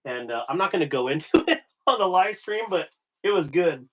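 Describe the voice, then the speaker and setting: An American man with a slightly high, expressive voice talks a little fast as he hosts a casual knife live stream. He rambles, laughs often and reads out and answers viewers' chat.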